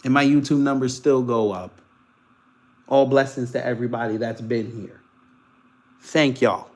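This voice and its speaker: A man from the Caribbean, hosting political commentary, speaks in an unhurried, medium-pitched voice. He reads posts with animated sarcasm and mockery, alternating loud jabs with muttered asides.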